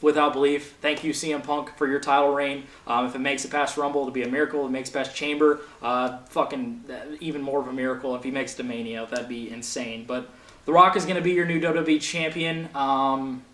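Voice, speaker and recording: A man's voice: mid-range voice, little pitch movement, fairly quick, a bit bright. A young man hosting a wrestling show, ranting with passion and heavy swearing in casual commentary. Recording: echoey room, faint noise.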